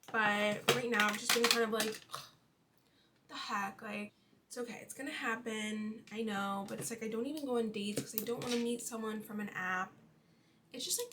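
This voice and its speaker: A woman's voice: a little high, fairly bright tone, slight background noise. A woman in her twenties chatting casually about her life while doing her makeup, full of fillers. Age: 20s. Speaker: beauty vlogger.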